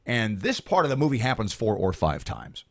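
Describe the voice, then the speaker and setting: Animated radio host rambling through a story. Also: male voice, fairly low pitch, moderate pace, vocal fry. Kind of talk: morning radio chat. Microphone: studio microphone.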